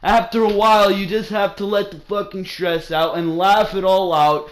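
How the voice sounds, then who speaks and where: A man recapping a wrestling show in a loose, profane rant. His voice sits somewhat high, and he sounds fed up and sarcastic throughout. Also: flat delivery, normal speed.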